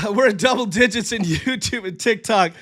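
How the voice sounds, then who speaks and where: Ranting live at normal speed, this high-voiced man hosts a sports livestream through a desk mic, reading chat as he comments. He's heated, profane, and yelling, and his voice is starting to go.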